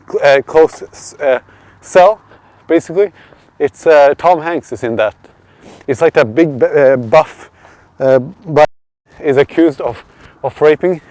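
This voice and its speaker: A man's voice: fairly high pitch, a little mellow, no echo. A man from Sweden live-streaming while walking outdoors at night, rambling, swearing and answering chat. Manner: rambling, swearing, restarts and reads chat aloud. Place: outdoors on a city street at night. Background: faint street and traffic noise.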